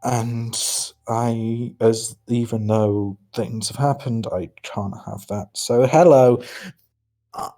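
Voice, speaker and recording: A man's voice: medium pitch, steady tone, mellow, pitched above the performer's own voice. A man doing an Irish-twanged con man confessing. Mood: confessional. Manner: confessional, halting, slow. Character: male con-man noble dropping his posh act.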